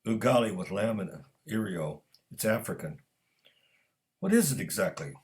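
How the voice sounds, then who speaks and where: Man as a soft-spoken, clipped Nigerian worker, steady and low. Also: moderate pace, close to an everyday voice. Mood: explaining. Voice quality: clipped, precise delivery.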